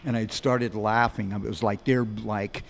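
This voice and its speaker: A man in his sixties with a lowish voice rattles off stories in fast, animated bursts, stopping and restarting his sentences. He speaks as a musician guest on a podcast. A faint hiss sits under him. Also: gravelly. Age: 60s. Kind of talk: rambling storytelling in an interview.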